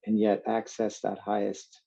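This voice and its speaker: A man leading a yoga workshop, giving calm, slow guided instructions with drawn-out cues. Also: on the low side, gravelly, husky, lo-fi sound.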